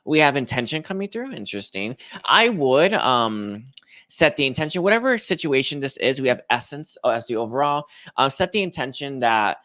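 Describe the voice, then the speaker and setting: A man giving a casual tarot reading, rambling and hesitant, with many restarts and soft laughs. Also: medium pitch, sing-song, normal speed, no echo. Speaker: tarot reader.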